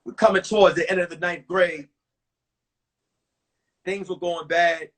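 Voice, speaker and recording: A man in his forties, a comedian telling crude, animated stories about his school days on a phone livestream. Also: high-pitched, measured pace. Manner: animated, profane storytelling with acted-out voices. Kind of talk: stand-up storytelling on a livestream.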